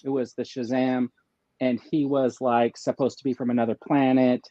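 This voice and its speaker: Rambling man with a dark voice. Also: medium pitch, flat delivery, moderate pace, no room sound, muffled recording. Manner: rambling, many fillers, laughs easily. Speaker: guest. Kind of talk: casual livestream chat.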